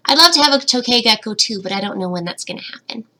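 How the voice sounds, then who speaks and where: A young woman who breeds bettas and hosts a fish-keeping channel runs a casual livestream Q&A from home, reading chat comments aloud to her webcam and giggling. Her voice is a little high, sharp, fast and animated, and it cracks slightly.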